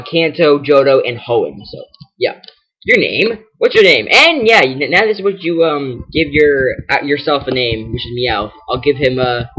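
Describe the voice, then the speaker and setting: A man's voice: mid-range voice, fairly bright tone, low-quality recording. A man hosting a casual video game walkthrough, rambling and stumbling over his words as he reads the on-screen text aloud. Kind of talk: casual gameplay commentary.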